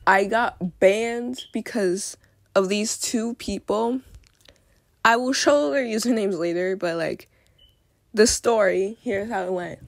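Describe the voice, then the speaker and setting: A woman's voice: medium pitch, slow pace, gravelly, no room sound. A young woman in her teens ranting angrily to camera, swearing a lot and saying "like" often. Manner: ranting, heavy swearing, lots of "like". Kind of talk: angry rant vlog.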